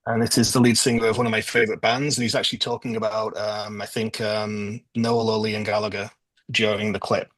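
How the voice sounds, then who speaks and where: A man from northwest England hosting a trivia quiz over a video call, going through the answers casually with frequent ums and pauses. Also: lowish voice, flat delivery, fairly bright tone, dry recording, rough recording. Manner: hesitant, lots of ums. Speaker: quiz host.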